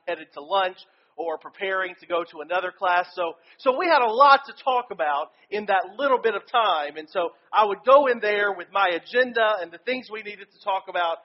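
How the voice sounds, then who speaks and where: A man's voice: sits high, dull audio. A male pastor giving a sermon and telling a personal story in an earnest way.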